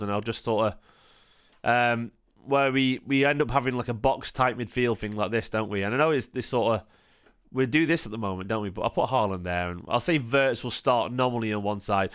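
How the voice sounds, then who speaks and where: Tired and half asleep, a man hosting a casual football fan stream rambles, often restarting his thoughts and asking his chat questions. His mid-range voice has a fairly bright, clean tone.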